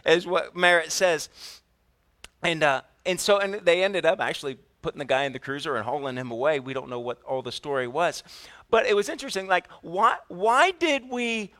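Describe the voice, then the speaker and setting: A man preaching a sermon, telling a family story in an animated way and putting questions to the congregation. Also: high voice, moderate pace. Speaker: pastor.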